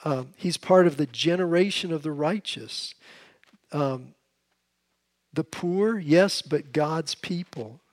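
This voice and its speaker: Male Bible teacher, voice on the high side, casual talk with many restarts. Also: slow pace. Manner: conversational, with frequent restarts. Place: seated, with a drink at hand.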